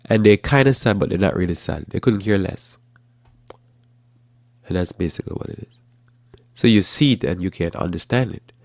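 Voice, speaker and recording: Hosting a casual religious current-events show, a man speaks in a deep, gravelly voice at normal speed, rambling and restarting sentences in a flat, matter-of-fact way. He leaves long pauses, and the recording is close and dry with no echo.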